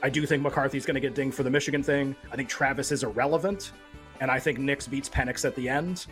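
Fast-talking man breaking down bets. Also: medium pitch, steady tone, fairly bright tone, faint music behind. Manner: quick, loose and conversational, lots of fillers. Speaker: sports betting analyst. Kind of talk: casual sports betting chat.

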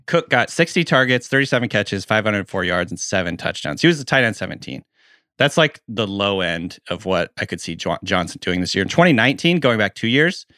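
A man with a fairly low, bright and forceful voice co-hosts a casual podcast. He jokes around and then works through numbers in an analytical way. His voice sounds close and dry. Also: dry recording. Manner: jokey, analytical, quick asides. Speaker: podcast co-host.

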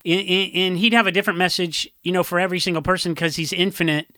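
A punk musician rambles through stories on a podcast, circling back with fillers and quick laughs. His voice sits a little high and sounds bright and forward. The recording is close and dry. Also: fairly even intonation, no room sound. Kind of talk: casual chat.

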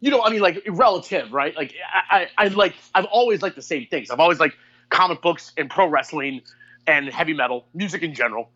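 A man in his thirties co-hosting a podcast, telling profane, animated stories in casual chat and mimicking people as he goes. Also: a little high, brisk, highs cut off. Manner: profane, animated storytelling with mock voices. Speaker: podcast co-host.

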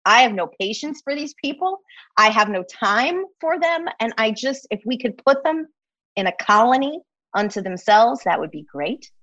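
A woman co-host on a podcast, venting in a profane, heated rant with her pitch swinging widely from low to high. The sound is dry and close, with a dull, lo-fi tone. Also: very animated, moderate pace, a bit bright, no echo. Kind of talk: casual chat.

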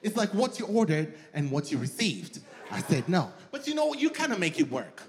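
Sassy flamboyant comedian with a high voice. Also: male voice, sing-song, moderate pace. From West Africa. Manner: sassy, flamboyant, calls the crowd honey and girl. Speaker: stand-up comedian. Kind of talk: stand-up comedy set. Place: large theater with live audience. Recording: long hall reverb, loud crowd.

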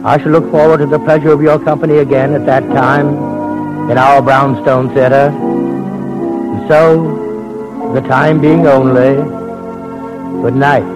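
Genteel formal radio host. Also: male voice, medium pitch, steady tone, slow, pauses often, poor audio. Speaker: host and critic. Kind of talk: scripted radio introduction. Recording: old radio broadcast with music.

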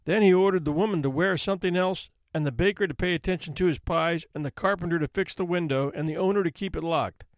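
A man narrating a classic folk tale in an expressive, theatrical reading style. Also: high-pitched, quick pace, hardly any pauses, no echo. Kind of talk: storybook narration.

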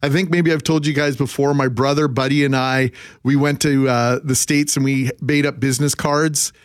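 A man's voice: medium pitch, level tone, moderate pace, no room sound, clean studio sound. A Canadian man on a radio show telling jokey stories from his travels. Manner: jokey anecdotes, puts on voices in stories. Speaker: radio co-host. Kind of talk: storytelling on radio.

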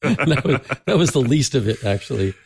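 A man hosting a podcast interview, talking casually with many restarts and throat clearing. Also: medium pitch, animated, moderate pace, a little mellow, no echo, clean studio sound. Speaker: podcast host.

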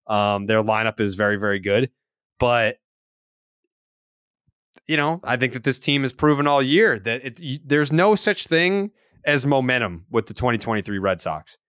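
A swearing podcast co-host needles his partner with a lively, up-and-down delivery. His voice is close and dry, with no room sound around it. He talks in a heated, mocking way. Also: mid-range voice, normal speed, smooth, no room sound. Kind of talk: casual sports podcast banter.

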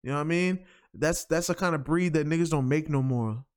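A man co-hosting a podcast, talking in a rambling, animated way, full of profane slang. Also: on the high side, brisk, clear, resonant tone. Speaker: podcast co-host. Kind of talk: casual chat.

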